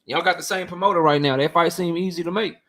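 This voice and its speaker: A man's voice: on the high side, fairly even intonation, quick pace, pushed and bright. A man hosting a boxing livestream and reading chat, talking bluntly and profanely, heated and repeating himself. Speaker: boxing channel host.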